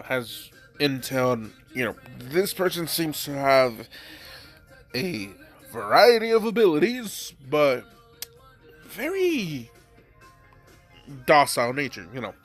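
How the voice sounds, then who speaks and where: A man's voice: medium pitch, a bit bright. A man with a stuffy nose, casually narrating his own fan story, rambling and loaded with fillers.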